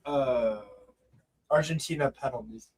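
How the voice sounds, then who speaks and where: A man on a casual live stream, insisting in a gloomy, deadpan way. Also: mid-range voice, unhurried, a little hiss or hum. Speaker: guest.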